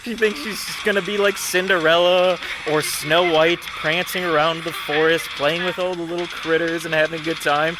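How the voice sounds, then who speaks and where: A man's voice: fairly high pitch, fairly even intonation, moderate pace, hardly any pauses, very noisy. A man giving mocking reaction commentary over a clip, sarcastic and scornful in tone.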